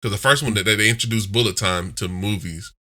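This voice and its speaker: A man co-hosting a podcast in casual chat, profane and animated, with stammering restarts and acted-out voices. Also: on the low side, brisk. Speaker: podcast co-host.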